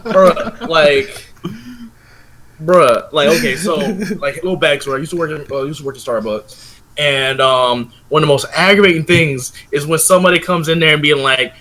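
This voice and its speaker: A man's voice: on the high side, normal speed, a bit bright, low-quality recording. A man co-hosting a casual podcast, bantering in a slangy, laid-back way. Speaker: podcast co-host. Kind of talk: casual chat.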